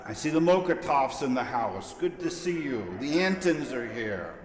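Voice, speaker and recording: A man leading a service gives a joking, chatty welcome in a medium-pitched, sing-song voice at a moderate pace. He is in a large sanctuary, and the echoey hall adds long reverb.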